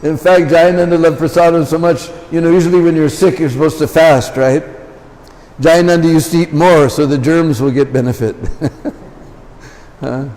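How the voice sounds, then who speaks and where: A man's voice: fairly high pitch, fairly even intonation, moderate pace, a little mellow. A man giving a temple lecture full of anecdotes, with chatty asides to the listeners. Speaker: visiting lecturer. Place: large temple hall. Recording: long temple hall reverb.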